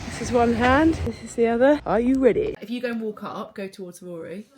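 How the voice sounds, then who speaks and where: A woman's voice: on the high side, brisk, a loud crowd. A young woman, talking casually to camera in a vlog, rambling and self-deprecating with lots of "like". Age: 20s. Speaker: vlogger.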